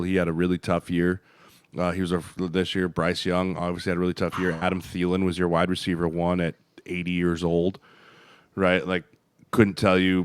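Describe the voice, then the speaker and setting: A man's voice: low-pitched, clear, resonant tone, no room sound, studio quality. A man co-hosting a podcast, a former offensive lineman talking football in blunt, profane, emphatic casual chat.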